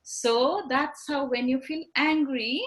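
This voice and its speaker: A woman with a high, bright voice teaches young children in an online class over a video call. She speaks slowly and encourages them with simple words and frequent tag questions. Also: poor audio.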